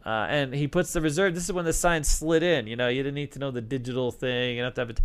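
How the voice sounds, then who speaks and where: A man's voice: medium pitch, quick pace, clear, resonant tone. A middle-aged man, a former craps dealer, answering questions and telling stories in a rambling, casual way full of fillers and restarts. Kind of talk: casual storytelling Q&A.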